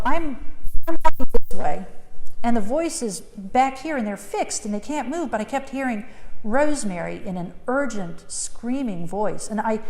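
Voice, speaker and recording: A middle-aged woman with a fairly high voice gives a talk in a large hall, and her words ring on with a long reverb. She tells her story with lots of animation, swooping up and down and acting out her own thoughts. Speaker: speaker sharing a near-death experience. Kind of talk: personal talk to an audience.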